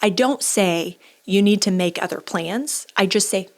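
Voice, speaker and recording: A woman in her forties co-hosting a casual podcast conversation, an animated storyteller who acts out the people she quotes. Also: mid-range voice, measured pace. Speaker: podcast co-host.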